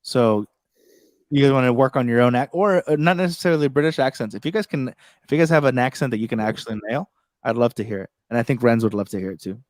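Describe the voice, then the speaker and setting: An American man hosts a loose tech livestream, joking and swearing as he goes. His voice sits at an ordinary middle pitch. The sound is dry and close. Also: quick pace, no room sound. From United States. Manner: joking, animated, swears freely. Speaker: host. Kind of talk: casual livestream chat.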